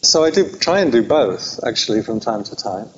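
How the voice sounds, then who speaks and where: A man with an English accent gives an informal dharma talk to a group at a meditation centre. He speaks in a chatty, self-deprecating way, at an ordinary middle pitch. The recording sounds a little dull and lo-fi, with a faint hiss underneath. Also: expressive, moderate pace. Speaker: Buddhist teacher.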